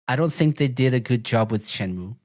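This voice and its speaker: A man's voice: mid-range voice, lively intonation, brisk, darkish tone, no room sound. A man speaking as a podcast guest in casual chat, hesitant, with fillers and repeated words.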